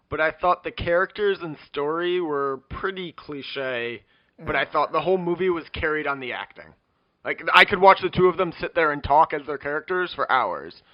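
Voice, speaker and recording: Relaxed male co-host, slightly high voice, dry and muffled lo-fi mic. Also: dry recording. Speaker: podcast co-host. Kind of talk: casual podcast chat. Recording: dull lo-fi mic.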